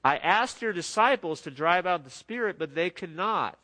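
Man voicing a pleading father, desperate, raised pitch, urgent. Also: expressive, moderate pace, pushed and bright, low-quality recording.

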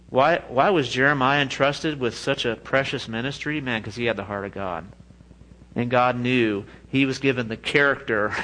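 A man preaching a sermon in a lively, joking way, often laughing at his own asides. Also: medium pitch, slight background noise, rough recording. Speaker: pastor.

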